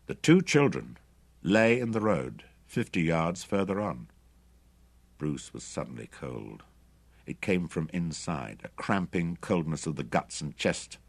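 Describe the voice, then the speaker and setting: Deep, husky male audiobook narrator. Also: a little slow, dry recording. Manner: dramatic, expressive reading. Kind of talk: scripted narration.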